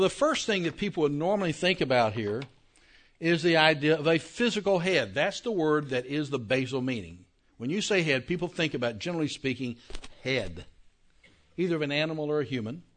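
A man giving a Bible class lecture in a conversational way, often checking that his listeners follow and slowing down to stress key words. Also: on the high side, a bit bright. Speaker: Bible teacher.

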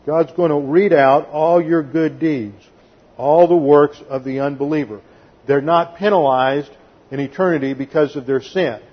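Man, pastor, expository sermon, methodical, husky, muffled lo-fi recording. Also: on the high side, normal speed. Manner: methodical, explains Greek grammar, occasional sarcastic voicing of quotes. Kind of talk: expository Bible teaching sermon.

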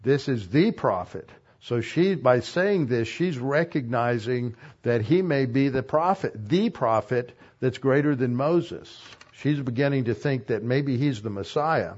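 A man giving an expository sermon as a Bible teacher. He reads a passage, then pauses to explain it. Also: medium pitch, lively intonation, darkish tone, dull audio.

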